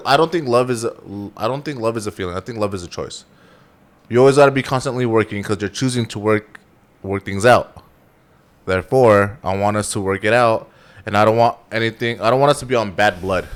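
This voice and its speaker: A man's voice: mid-range voice, brisk. A man co-hosting a casual podcast, joking bluntly and swearing. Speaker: podcast co-host. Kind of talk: casual chat.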